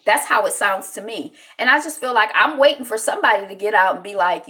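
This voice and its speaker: A woman's voice: mid-range voice, expressive, fast, few pauses, sharp tone. Woman host, casual solo commentary, rambling, reflective, lots of fillers. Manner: greets live chat viewers by name. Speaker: show host.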